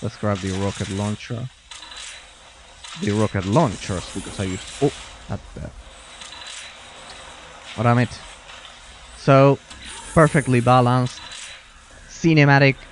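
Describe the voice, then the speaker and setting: A man's voice: medium pitch, steady tone, takes it slowly, long pauses, noisy background. A man giving casual commentary while playing a video game, rambling with restarts and muttering to himself as he plays. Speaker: gameplay commentator. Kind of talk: casual let's-play commentary.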